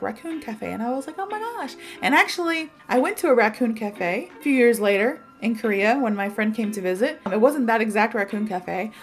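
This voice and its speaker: A woman, teaching an English word in a chatty, animated way full of stories and fillers. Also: fairly high pitch. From American South. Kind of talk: casual video lesson.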